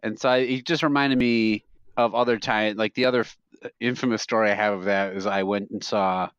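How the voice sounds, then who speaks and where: A fairly low, steady male voice, fairly quick and a bit bright, with a clean tone and no room sound. He co-hosts a podcast, chatting casually and rambling through funny stories that he often laughs at. The recording comes from a dry, slightly dull podcast mic.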